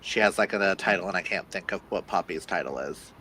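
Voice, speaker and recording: Low-voiced man, wry casual chat. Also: fairly quick, bright, forceful tone, slight background noise, rough recording. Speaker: podcast co-host. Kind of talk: casual chat about books.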